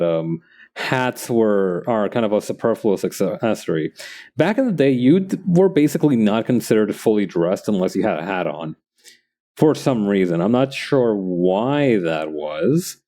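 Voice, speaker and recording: A man's voice: on the low side, dark tone. A man chatting casually while he works on a comic, drifting into rambling, musing asides between remarks about his drawing. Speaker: comic artist streaming his work.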